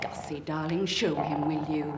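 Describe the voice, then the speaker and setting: A woman's voice: low voice, steady tone, normal speed, vocal fry, reverberant, very noisy. An actress playing a bossy, impatient young woman directing an amateur play.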